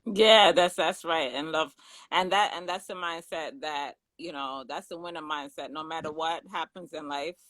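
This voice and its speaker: Host, lively and enthusiastic, mid pitch, dry recording. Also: normal speed, no echo. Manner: lively and enthusiastic, laughs often. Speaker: talk show host. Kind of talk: casual discussion.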